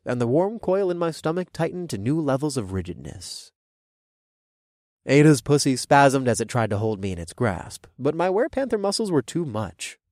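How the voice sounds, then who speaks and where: Expressive man narrating in first person. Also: mid-range voice, no echo, clean studio sound.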